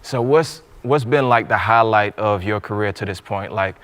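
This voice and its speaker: A man hosting a relaxed, conversational interview, encouraging his guest with short affirmations. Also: lowish voice, normal speed. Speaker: host. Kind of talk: casual interview chat.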